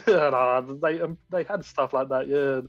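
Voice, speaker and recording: A man's voice: medium pitch, unhurried, no echo, faint music behind. A man as a guest in a casual chat, talking enthusiastically and rambling with frequent restarts. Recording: dull lo-fi audio.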